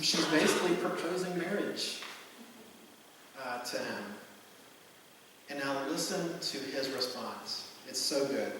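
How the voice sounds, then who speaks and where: A man in his forties preaches in a loose, conversational way, breaking off into asides and fillers as he tells a story. His voice is bright and forceful. It rings through a big reverberant church hall, picked up from some distance with faint ambience behind. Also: fairly high pitch, slight background noise. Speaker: pastor. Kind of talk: sermon.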